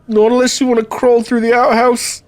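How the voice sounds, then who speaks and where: A man's voice: extremely high pitch, little pitch movement, normal speed, pitched above the performer's own voice. A man voicing a frightened guard who talks nervously, eager to please his captors. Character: frightened prisoner guard, young man, pleading.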